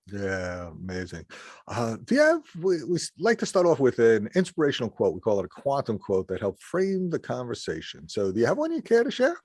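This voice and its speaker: A man's voice: medium pitch, huge pitch swings, fairly quick, a little mellow, no room sound, studio quality. A man hosting a podcast, opening with a dramatic scripted intro and then interviewing a guest. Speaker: podcast host.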